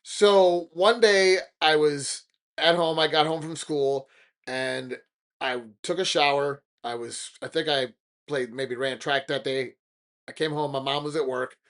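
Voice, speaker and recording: Man telling a spooky story, fairly high voice. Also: unhurried. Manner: animated, dramatic storytelling with rising excitement. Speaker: podcast host. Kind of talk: casual storytelling.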